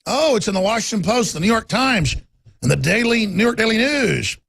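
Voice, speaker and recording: Fired-up radio host guy, gravelly and raspy, ranting nonstop, kinda high voice. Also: sing-song, brisk. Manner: impassioned ranting, swings from loud to muttering. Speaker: radio talk show host. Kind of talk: talk radio monologue.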